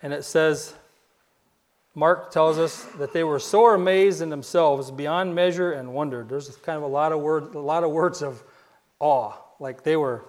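High-voiced man preaching a sermon. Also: a little slow, a little mellow. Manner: conversational storytelling with repeated words and restarts.

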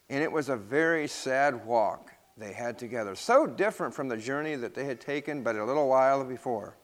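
A man reading a moral story aloud to children in church, then giving a gentle lesson. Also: on the high side, in a large hall.

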